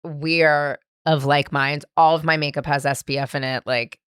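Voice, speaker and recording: A woman's voice: sits low, steady tone, moderate pace, fairly bright tone, clean tone, no echo, studio quality. A woman hosting a podcast, chatting casually in a rambling way with some swearing. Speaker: podcast host. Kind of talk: casual chat.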